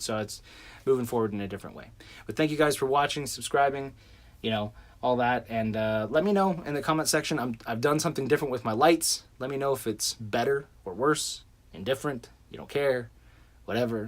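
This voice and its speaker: A man's voice: medium pitch, brisk. A man who writes novels, giving a casual, rambling update to his viewers, full of fillers and restarts. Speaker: self-published novelist. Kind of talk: casual update vlog to camera. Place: home room with adjusted lighting.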